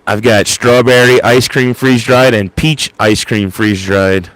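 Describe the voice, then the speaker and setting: A man's voice: medium pitch, fairly even intonation, measured pace, fairly bright tone, no room sound. A man hosting a casual late-night livestream into an ASMR microphone, rambling and stammering as he repeats words. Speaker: livestream host.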